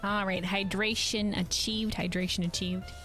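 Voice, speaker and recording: A woman giving casual, playful commentary while she plays a game. Her voice sits at a middle pitch and she corrects herself often, with faint music playing underneath. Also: little pitch movement, moderate pace, fairly bright tone. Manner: chatty, playful, self-correcting. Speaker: gaming streamer.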